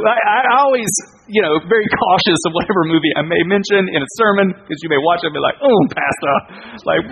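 Male pastor, high-pitched, rambling conversational sermon delivery. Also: fairly bright tone, highs cut off, a little hiss or hum. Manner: casual, rambling, self-interrupting storytelling.

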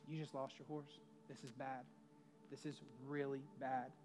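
A man's voice: mid-range voice, little pitch movement, measured pace, over music, lightly acted. A man voicing nosy, gossiping neighbors who overstate every turn of luck in a sermon story. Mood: gloomy. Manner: exclamatory, overstated.

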